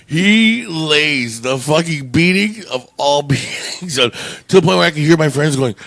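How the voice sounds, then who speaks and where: A man's voice: mid-range voice, measured pace, pushed and bright, dry recording. A man co-hosting a podcast, telling a long rambling story in casual, profane chat with frequent laughs. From Canada. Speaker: podcast co-host.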